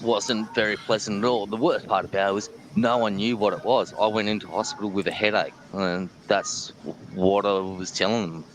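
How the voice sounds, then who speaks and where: Australian man, low-ish crisp voice, casual interview guest, blunt joking tone. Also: fairly bright tone, a little hiss or hum, rough recording. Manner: blunt and joking, laughs while talking. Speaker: guest, chilli-eating champion.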